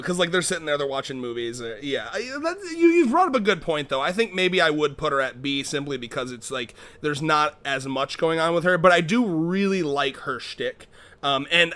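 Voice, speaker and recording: Bright-voiced young man chatting casually. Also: a little high, animated, normal speed. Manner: rambling, many fillers and restarts, laughs easily. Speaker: co-host. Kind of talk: casual chat.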